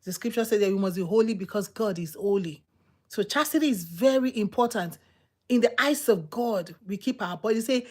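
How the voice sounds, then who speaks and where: A woman preaching a sermon in an emphatic, repetitive, exhorting manner, swinging between loud outbursts and low murmurs. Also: expressive, normal speed.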